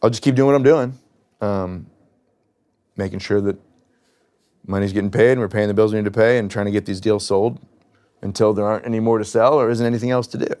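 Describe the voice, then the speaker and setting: Man, 30s, low voice, cofounder, candid and hesitant, retells what was said. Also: steady tone, a little fast, pauses often, darkish tone. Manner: reflective, hesitant, retells conversations. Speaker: business cofounder. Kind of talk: candid conversation in a therapy session.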